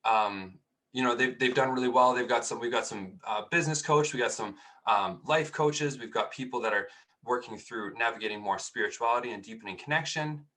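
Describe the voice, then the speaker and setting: A man's voice: medium pitch, brisk, bright, forceful tone. A young man giving a casual, chatty talk, telling a personal story with many restarts. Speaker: speaker.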